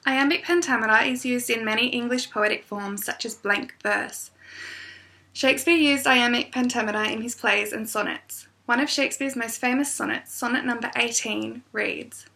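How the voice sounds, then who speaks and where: Gravelly, bright-voiced woman teacher. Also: fairly high pitch. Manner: clear, measured reading with recited verse. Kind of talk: scripted classroom lesson.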